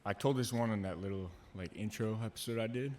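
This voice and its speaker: Male podcast host, relaxed and conversational, slightly low pitch. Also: quick pace, a little hiss or hum. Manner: relaxed and casual, with fillers. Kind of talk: casual chat.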